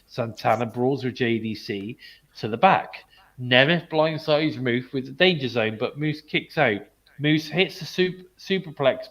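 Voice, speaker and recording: British male co-host, casual recap reader, even mid voice. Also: mid-range voice. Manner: reads match recaps with fillers. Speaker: podcast co-host. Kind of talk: casual wrestling review chat.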